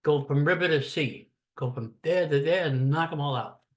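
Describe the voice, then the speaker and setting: Older american man, blunt sarcastic rant, rambling, fairly high voice. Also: normal speed. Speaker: political commentator. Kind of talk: casual political rant.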